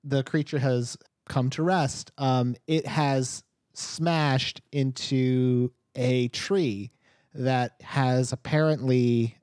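A man's voice: mid-range voice, fairly even intonation, drawn-out words, a little mellow, clean tone, no room sound, studio quality. A man narrating a tabletop game as game master, loose and full of fillers and restarts.

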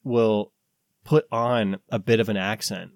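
American man, podcast co-host, low voice, meandering casual chat. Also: fairly even intonation, measured pace, no echo, clean studio sound. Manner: rambling, searching for words with many fillers.

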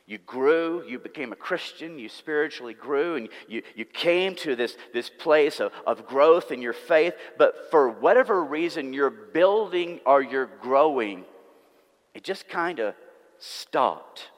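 A man's voice: fairly high pitch, lively intonation, unhurried. A man preaching a sermon, earnest and emphatic, repeating words for stress. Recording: long reverb of a church hall.

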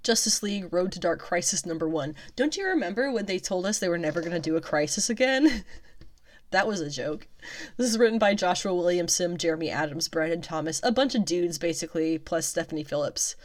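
A woman with a slightly low voice, casually working through a list of upcoming comic releases. She reads in a chatty way and drops wry asides in between. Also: animated, fairly quick. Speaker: comics news vlogger. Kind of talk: casual reading of comic listings.

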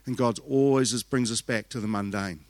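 A man's voice: medium pitch, a little fast, no room sound. An older man with a New Zealand accent, preaching a conference sermon and telling stories with frequent restarts and laughter. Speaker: pastor.

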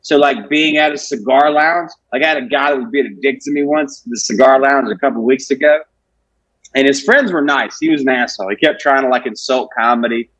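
A man's voice: mid-range voice, a little fast, fairly bright tone, dry recording, low-quality recording. A man, a comedian chatting casually on a podcast and telling rambling, profane stories. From Alabama, US. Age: 20s. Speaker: comedian guest.

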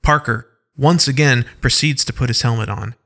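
A man narrating an audio science-fiction story in an even, descriptive way. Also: mid-range voice, moderate pace, vocal fry.

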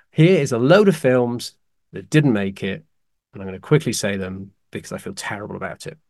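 A man co-hosting a casual podcast, excitedly ranking favourite films with dramatic apologies along the way. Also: lowish voice, a little fast, creaky, no room sound, clean studio sound. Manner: animated, excitable, apologetic asides. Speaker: podcast co-host.

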